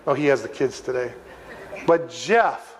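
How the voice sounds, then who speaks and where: An older man preaching a sermon, telling stories in an animated, humorous and emphatic way. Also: medium pitch, a little slow, slight background noise. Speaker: pastor. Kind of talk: storytelling sermon. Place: church sanctuary. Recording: long reverb of a church hall.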